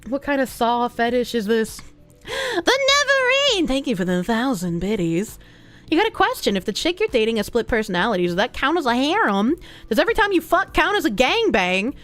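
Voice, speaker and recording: A young woman livestreaming, reading chat messages aloud, thanking donors and laughing often in a loose, animated way. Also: a little high, fairly quick, faint music behind. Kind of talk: live stream chat reading.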